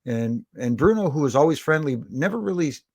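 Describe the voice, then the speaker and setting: Middle-aged guy, gravelly voice, dry close sound, rambling war stories on a podcast call. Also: on the high side, a little fast, no echo. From Toronto, Canada. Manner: rambling, animated anecdotes with many restarts. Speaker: guest, former wrestling referee. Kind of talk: casual storytelling interview.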